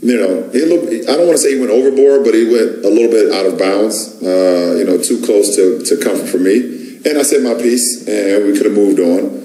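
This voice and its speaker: Deep, dark-voiced athlete at a press conference. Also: male voice, echoey room, low-quality recording. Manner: measured, hedging with fillers. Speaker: pro basketball player. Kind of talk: post-game press conference.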